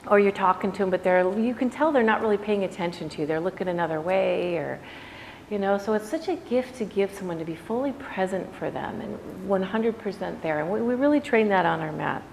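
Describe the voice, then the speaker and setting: A woman's voice: mid-range voice, expressive, a little fast, gravelly. Reflective woman teacher in an echoey studio. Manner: warm reflective conversational, many "you know"s. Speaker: yoga teacher. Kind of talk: casual talk to a class. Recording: echoey room with faint background noise.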